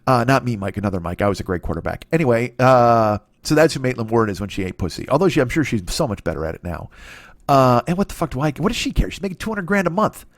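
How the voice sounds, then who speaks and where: A man in his forties hosting a solo comedy podcast, rambling and crude, breaking off his own sentences and slipping into quick voices. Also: medium pitch, sing-song, no echo, clean studio sound. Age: 40s. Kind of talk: solo comic monologue.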